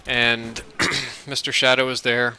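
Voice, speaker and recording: A man's voice: mid-range voice, takes it slowly, poor audio. A man narrating a dream story in a casual, rambling way as commentary over gameplay. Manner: casual, rambling, animated retelling. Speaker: gaming commentator.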